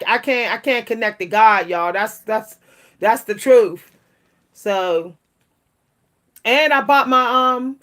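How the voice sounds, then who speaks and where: Chatty older woman, higher voice. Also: fairly bright tone. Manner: chatty, laughs often, frequent restarts. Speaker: vlogger and writer. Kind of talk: casual chat to camera.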